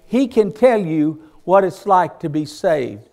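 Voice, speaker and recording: A man's voice: high voice, animated, normal speed, darkish tone. A man preaching a sermon to his church, retelling stories with fervor and repeating phrases in rhythmic runs. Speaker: pastor.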